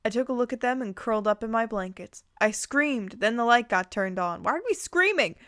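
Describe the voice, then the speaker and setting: A giggly young woman reads fan fiction aloud, stopping for sarcastic comments. Her voice sits somewhat high, and the sound is close and dry with no room around it. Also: fairly quick, fairly bright tone, smooth, dry recording. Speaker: channel host reading fan fiction. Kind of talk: dramatic reading with comic asides.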